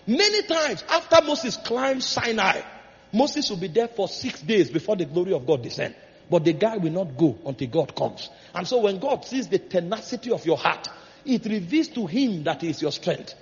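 A man preaching a sermon with passion, quoting scripture and rising into shouts and sing-song cadences. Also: high voice, expressive, normal speed, in a large hall, dull audio.

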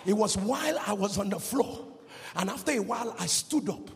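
A man preaching a charismatic sermon on a handheld microphone in a church hall, in a sing-song cadence that swings into shouting, and leading the congregation in call-and-response. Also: high voice, lively intonation, moderate pace, vocal fry. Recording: long hall reverb with music behind.

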